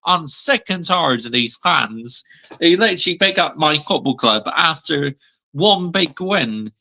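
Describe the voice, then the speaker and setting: A man's voice: a little high, animated, measured pace, gravelly, pushed and bright. A man in his thirties ranting on a fan vlog, heated and sweary, still seething after a defeat. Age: 30s. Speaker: football fan vlogger.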